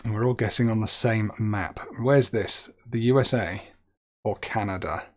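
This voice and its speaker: A man's voice: on the low side, normal speed. Chatty man thinking aloud. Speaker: game streamer. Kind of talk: gaming commentary.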